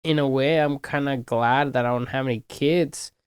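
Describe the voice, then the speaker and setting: A man's voice: mid-range voice, fairly even intonation, normal speed, clean tone, no room sound. A man hosting a podcast who talks casually and loosely, with slang and swearing. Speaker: podcast host. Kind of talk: casual conversation.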